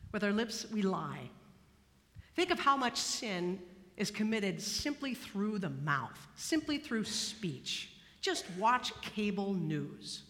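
A woman preaching a sermon, expressive, moving between hushed, slow passages and emphatic ones. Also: mid-range voice. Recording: long hall reverb.

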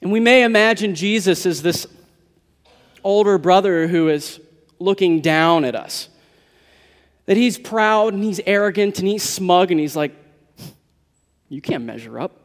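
High-voiced man preaching a sermon. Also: big-room sound. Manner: earnest, building to emphatic declarations. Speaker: pastor.

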